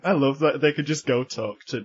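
A man co-hosting a podcast in casual chat, chatty and quick to laugh. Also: on the high side, slightly rough, dull audio. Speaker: podcast co-host.

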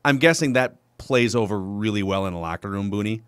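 A man's voice: on the low side, fairly quick, clean tone, no echo. A man hosting a sports podcast, asking rambling questions full of fillers. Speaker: podcast host. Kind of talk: casual podcast chat.

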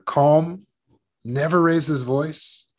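A man's voice: a little high, steady tone, takes it slowly. A man telling a personal childhood story and giving self-help advice as a trauma recovery coach, often repeating words and laughing as he talks.

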